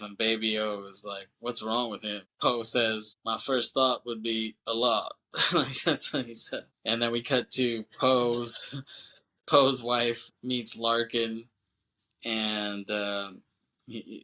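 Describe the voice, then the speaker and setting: Young male podcaster, bright forceful tone, loose rambling recap with quick character impressions. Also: on the low side, low-quality recording. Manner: rambling retelling, quoting characters with quick voice shifts. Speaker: podcast co-host. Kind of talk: casual movie recap.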